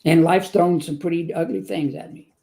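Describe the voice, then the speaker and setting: Man in his 70s, gravelly, dark mellow tone, earnest interview guest. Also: on the high side, fairly even intonation. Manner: earnest, slow emphatic phrasing. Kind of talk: faith testimony and joke telling.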